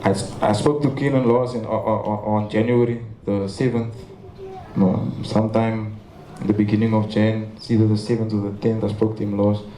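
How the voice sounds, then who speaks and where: A man's voice: on the low side, little pitch movement, fairly quick, mellow, a little hiss or hum. Earnest Cape Town man, echoey hall. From South Africa. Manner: earnest storytelling with stammers. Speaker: memorial speaker. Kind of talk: memorial tribute speech. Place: large memorial venue. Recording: echoey hall with faint ambience.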